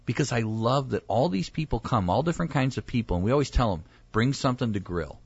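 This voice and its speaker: Animated male pastor telling stories. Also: medium pitch, fast, breathy edge, no room sound, muffled recording. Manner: animated storyteller, acts out quoted voices. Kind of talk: casual chat.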